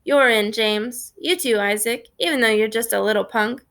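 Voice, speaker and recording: A woman reading a cocky teenage boy gang leader in an offhand, boastful way, with a gravelly edge. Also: a little high, moderate pace, fairly bright tone.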